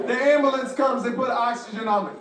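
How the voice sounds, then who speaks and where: A man with a high, bright-pitched voice works through a stand-up routine, acting out the people in his story and swearing freely. He sits well back from the mic in a roomy space, and a noisy ambience runs under him. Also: quick pace, recorded from a distance. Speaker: stand-up comedian.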